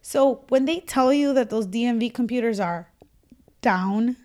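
Chatty lady, kinda high voice, animated storytelling, laughs a lot. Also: measured pace. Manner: animated, laughing, acts out quotes. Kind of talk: casual storytelling chat.

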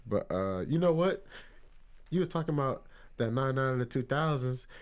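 A man's voice: mid-range voice, animated, moderate pace. A man co-hosting a casual podcast, laughing often and telling stories with animation. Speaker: podcast co-host. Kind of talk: casual chat.

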